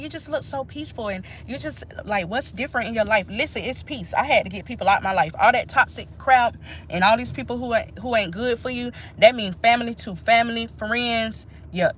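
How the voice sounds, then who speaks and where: A woman's voice: a little high, a bit bright, a little hiss or hum. A woman, chatting casually and emphatically to her viewers during a live stream. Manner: chatty, emphatic, talks straight to viewers as "y'all". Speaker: nurse and channel host.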